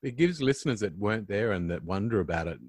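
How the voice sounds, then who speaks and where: A man's voice: fairly low pitch, lively intonation, quick pace, no echo, studio quality. A man interviewing a guest, responding with short supportive affirmations. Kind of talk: conversational interview.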